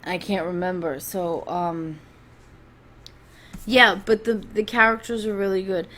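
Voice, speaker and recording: A woman's voice: mid-range voice, steady tone, measured pace, fairly bright tone. A woman giving a rambling, chatty spoken book review, talking from home with frequent restarts.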